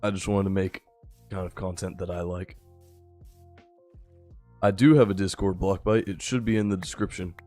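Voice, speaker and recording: A tired young man giving relaxed, rambling live-stream commentary while he plays, chatting with his viewers. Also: sits low, normal speed, pauses often, faint music behind. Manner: laid-back, rambling, chats with viewers. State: a little tired. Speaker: gaming streamer.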